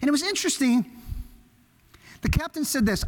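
A man preaching a sermon, telling stories with animated swings between loud emphasis and hushed asides. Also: very high-pitched, a little fast, pauses often. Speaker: pastor. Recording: long hall reverb.

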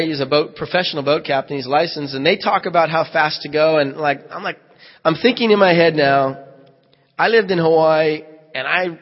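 Male pastor, storyteller, lightly raised pitch, dull lo-fi church recording. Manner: vivid first-person storytelling with reenacted dialogue. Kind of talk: sermon storytelling. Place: church hall. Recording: echoey hall, dull lo-fi sound.

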